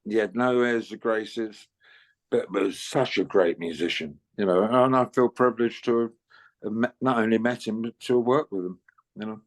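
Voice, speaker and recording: An older man, telling anecdotes in a casual interview, full of "you know"s and quick laughs. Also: lowish voice. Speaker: interviewed musician.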